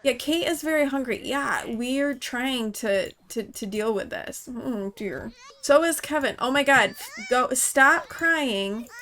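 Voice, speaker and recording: Woman, gaming host, let's-play commentary, chatty, talks to her game characters, voice a bit high. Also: measured pace, fairly bright tone.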